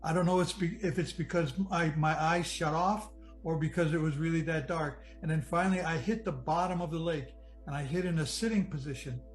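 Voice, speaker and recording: A man from Michigan giving an earnest personal testimony about nearly drowning, reflective and halting, often restarting his sentences. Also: on the high side, rough recording. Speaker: near-death experience storyteller. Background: soft music.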